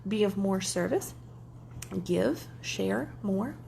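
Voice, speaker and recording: A woman's voice: medium pitch, lively intonation, slow pace, creaky, mellow, a little hiss or hum. A woman life coach talking casually to her viewers, candid and chatty, sometimes swearing and acting out what others said. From German heritage. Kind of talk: casual livestream talk to viewers.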